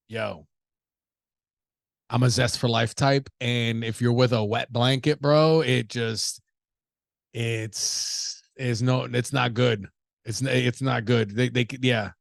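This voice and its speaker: A young man from the United States riffs solo on his podcast, swearing freely and firing off joking rhetorical questions. His middle-pitched voice carries a gravelly fry, and the sound is close and dry. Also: fairly even intonation, slow pace, dry recording. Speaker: podcast host. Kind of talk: casual solo riffing.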